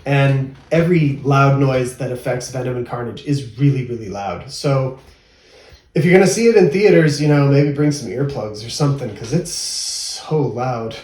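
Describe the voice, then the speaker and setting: A man's voice: mid-range voice, moderate pace, a little mellow. A man co-hosting a casual movie review, chatty and rambling, often laughing. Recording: roomy, mic at a distance.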